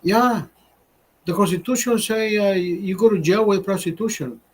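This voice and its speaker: A man's voice: moderate pace, breathy edge, rough recording. A man voicing a clueless male coworker who speaks broken English with a strong Spanish accent. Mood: insistent. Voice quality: broken English, high and earnest.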